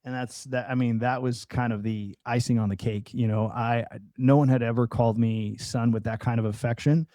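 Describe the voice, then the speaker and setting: A man's voice: mid-range voice, steady tone, normal speed, few pauses, mellow, dry recording. A man, a podcast guest, earnestly telling a personal testimony in conversation, with many restarts and fillers.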